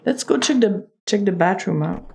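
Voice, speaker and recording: A woman's voice: mid-range voice, expressive, normal speed, gravelly, darkish tone. A woman streamer giving casual, chatty commentary while playing a game, joking and laughing often. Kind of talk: casual let's-play commentary.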